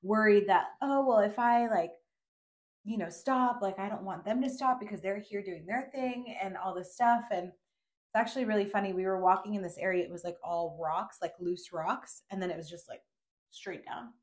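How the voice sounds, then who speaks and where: A woman hosts a podcast and talks in a laid-back, slangy way. She laughs along easily and tells her own story in casual chat. Her voice sits at a middle pitch. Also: moderate pace. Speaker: podcast host.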